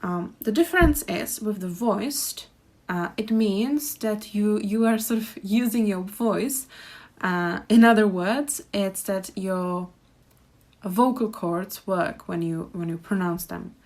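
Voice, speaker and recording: A woman's voice: mid-range voice, slow pace, darkish tone. A young woman with a Czech accent, teaching pronunciation and repeating words carefully for learners. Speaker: language teacher. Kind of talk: pronunciation lesson.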